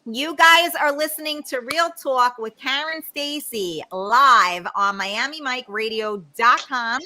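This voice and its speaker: A woman hosts a live talk show over a video call, with a regional American accent and a high voice. She talks bluntly, swears often and giggles easily, and she keeps an unhurried pace with a bright, forceful tone.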